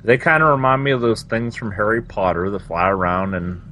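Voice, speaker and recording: A man's voice: lowish voice, fairly quick, sharp tone, slight background noise. A man hosting a casual gaming podcast, teasing his co-hosts and steering the talk. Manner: teasing, drives the conversation. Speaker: podcast host. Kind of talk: casual chat.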